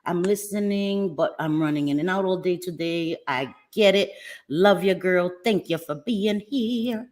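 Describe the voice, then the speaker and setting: A woman hosting a casual livestream, lively and affectionate, greeting viewers by name with pet names like sweetie pie. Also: fairly low pitch, measured pace. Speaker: livestream host. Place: home in New Jersey.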